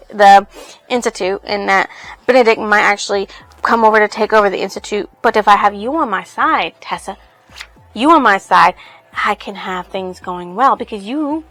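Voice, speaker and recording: A woman's voice: medium pitch, normal speed, a bit bright, faint music behind, close to an everyday voice. A woman voicing an earnest, anxious woman leader, reading her pleading lines in an eager, flustered tone.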